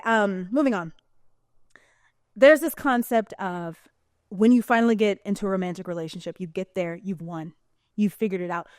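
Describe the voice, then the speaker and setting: A woman's voice: mid-range voice, smooth, no echo, clean studio sound. A woman talking in a casual vlog monologue, chatty, colloquial and emphatic. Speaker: vlogger.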